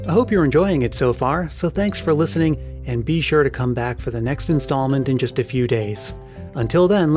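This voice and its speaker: Man, storyteller, slightly high voice, faint music underneath, serial reading. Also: a little mellow. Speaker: podcast narrator.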